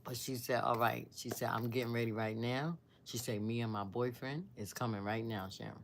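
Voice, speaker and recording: A woman's voice: very deep voice, fairly even intonation, fairly quick, a little hiss or hum. Earnest older woman telling a personal story. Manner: rambling, searching for words, drops to a hushed near-whisper; earnest and devout. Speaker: storyteller vlogger.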